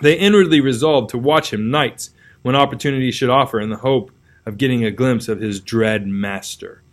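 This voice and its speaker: A man reading a classic novel aloud as narrator, in a measured, dramatic storytelling manner. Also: mid-range voice.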